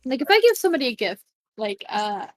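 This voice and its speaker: A woman's voice: fairly high pitch, sing-song, fast talker. A woman chatting on a podcast, candid and blunt, with lots of "like" fillers. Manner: candid, blunt, uses "like" a lot. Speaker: podcast co-host. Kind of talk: casual podcast chat.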